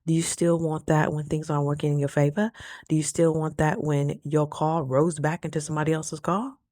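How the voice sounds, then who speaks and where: A woman's voice: low voice, steady tone, a little fast, darkish tone, no room sound, clean studio sound. A woman telling a story to her viewers in a casual, chatty vlog and calling them "girl.". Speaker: vlogger.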